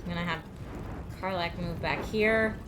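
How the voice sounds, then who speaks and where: A woman streamer talking her way through a video game live, thinking aloud with quick laughs. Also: lowish voice, background noise. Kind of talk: live gameplay commentary. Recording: game music playing behind.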